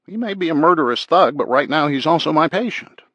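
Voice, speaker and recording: A man's voice: on the high side, animated, fairly quick, a bit bright, no echo, voice pushed up. A man voicing a woman doctor who speaks up earnestly for her patient in an audiobook. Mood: urgent.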